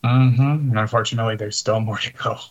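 A man co-hosting a podcast over a video call, with wry, dry humor. He thinks out loud in a casual way. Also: on the low side, little pitch movement, fast, lo-fi sound. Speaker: podcast co-host. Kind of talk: casual chat.

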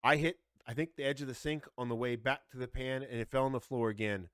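A man's voice: medium pitch, fairly even intonation, fast, fairly bright tone, no echo, studio quality. Profane heated man in his forties. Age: 40s. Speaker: podcast co-host. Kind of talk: casual chat.

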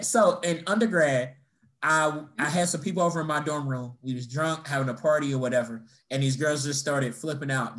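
This young man has a medium-pitched voice and tells personal stories in a casual chat. He swears freely and brings the story to life by acting out the people he quotes.

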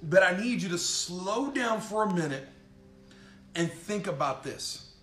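Fiery high-voiced preacher in echoey room. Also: male voice, animated, unhurried. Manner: fiery, emphatic, repeats phrases, shouts of "come on". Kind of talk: sermon. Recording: echoey room with faint music behind.

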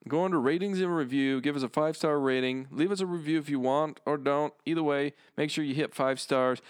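A man co-hosting a podcast, easygoing and quick to laugh, rambling through plugs with fillers. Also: a little high, clear, resonant tone, dry recording, studio quality. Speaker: podcast co-host. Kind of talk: casual chat and show plugs.

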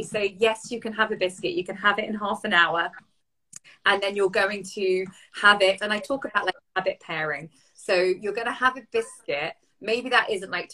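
A woman's voice: mid-range voice, fairly bright tone, poor audio. A woman chatting casually as a coach on a podcast, with lots of fillers and playful asides. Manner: chatty, frequent fillers, voices inner thoughts playfully. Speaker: coach and co-host.

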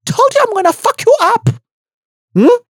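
A woman's voice: lively intonation, moderate pace, no room sound, clean studio sound. A woman voicing a furious young woman who screams insults mid-fight. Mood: furious shrieking. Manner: shrieking insults, high and frantic.

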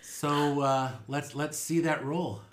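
A man's voice: on the high side, steady tone, slow, reverberant, a little hiss or hum. A man acting as dungeon master, narrating a tabletop game and laughing often. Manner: laughs often, voices tavern characters.

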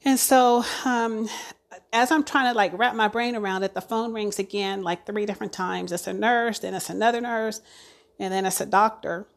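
A woman and ICU nurse giving an emotional, halting personal account, full of fillers and restarts. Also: mid-range voice, steady tone, gravelly. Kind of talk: personal testimony.

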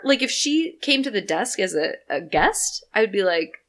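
A woman co-hosting a podcast, chatting casually and telling stories in an animated way. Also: mid-range voice, normal speed. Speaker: podcast co-host. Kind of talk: casual chat.

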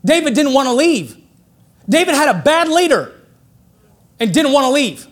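A man preaching a sermon with a notably high voice. He talks in a relaxed, joking way and builds up excitedly when he drives a point home. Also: moderate pace. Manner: conversational and joking, rising excitedly for emphasis.

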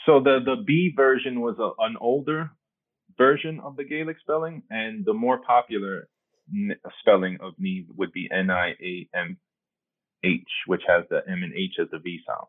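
Low-ish voice guy from nyc on a podcast, chill and friendly, tinny dry phone audio. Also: normal speed, dry recording. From New York City. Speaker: podcast guest. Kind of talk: casual chat over a call.

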